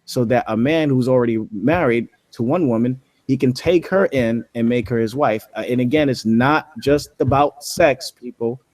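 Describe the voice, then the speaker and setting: A man's voice: mid-range voice, a little mellow, no room sound. Dry-voiced man explaining scripture. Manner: slows down to stress scripture words. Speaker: apologetics podcast co-host. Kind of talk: casual debate chat.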